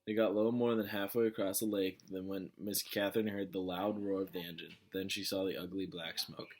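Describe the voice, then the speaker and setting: A man's voice: low-pitched, little pitch movement, a little fast, a little mellow, slight background noise. A man reading a novel aloud in a casual way, with small slips and restarts. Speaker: reader of a novel.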